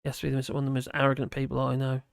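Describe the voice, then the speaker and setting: A man's voice: medium pitch, completely flat delivery, rapid-fire, vocal fry, dry recording, studio quality. A tired man hosting a livestream, rambling casually through viewer chat and slurring his words a little. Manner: rambling, with frequent restarts and fillers.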